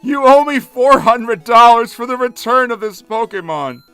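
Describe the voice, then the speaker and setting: A shrill, squeaky daycare keeper. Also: male voice, lively intonation, normal speed, bright, forceful tone, clear, resonant tone, no echo, soft background music, heavily acted. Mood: pushy. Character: pushy male daycare keeper in a game.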